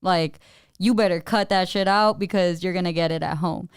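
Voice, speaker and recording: A young woman co-hosting a podcast, telling animated stories about growing up and acting out her parents' lines. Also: on the low side, moderate pace, clear, resonant tone, no echo, studio quality. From Mexican-American family. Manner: animated storyteller, acts out parents' lines, lots of "like". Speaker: podcast co-host. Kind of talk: casual chat.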